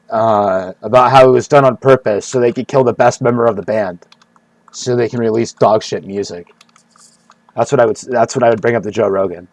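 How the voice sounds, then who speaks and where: A man talks casually on a stream in a rambling, joking way. He loops back over his own phrases, swears freely and keeps laughing at his own ideas. His voice sits at a middle pitch and sounds close and dry, with no room echo. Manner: joking, rambling, repeats himself, laughs often; profane.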